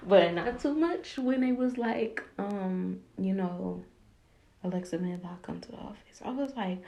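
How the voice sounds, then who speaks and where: A young woman telling a story from her teenage years while doing her hair, casual and animated, acting out what people said. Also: lowish voice, a little slow. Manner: animated, acts out quoted voices, slangy and candid. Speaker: vlogger. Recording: roomy echo with faint background noise.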